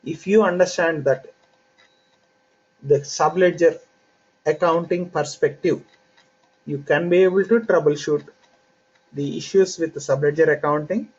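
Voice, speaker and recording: A man teaching an online software training class, explaining concepts step by step in an unhurried way with frequent fillers. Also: fairly high pitch, husky. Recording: dull lo-fi audio with faint hiss.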